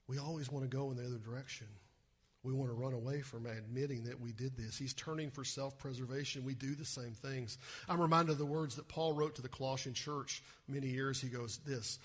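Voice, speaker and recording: A male pastor giving an animated sermon and often asking the listeners rhetorical questions. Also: medium pitch, fairly quick, slightly rough.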